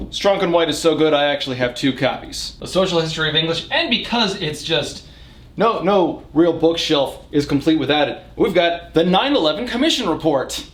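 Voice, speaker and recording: A man hosting a casual, rambling book tour from his home reading nook, with wry joking asides. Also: fairly high pitch. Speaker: book channel host. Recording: echoey room.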